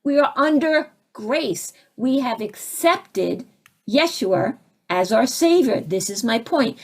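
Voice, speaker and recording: An animated woman teacher with a fairly high voice answers questions from her audience. She talks her points through by acting out small scenes and jumps between voices as she goes. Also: takes it slowly. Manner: animated, acts out little scenes with sudden swings in voice. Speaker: spiritual teacher.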